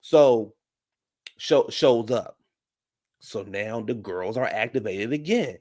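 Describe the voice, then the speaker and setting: A man's voice: on the low side, takes it slowly, no room sound, studio quality. A man hosting a reality-show recap channel, telling a story casually and animatedly to his viewers, calling them "y'all". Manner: animated, chatty, addresses viewers as "y'all" and "baby".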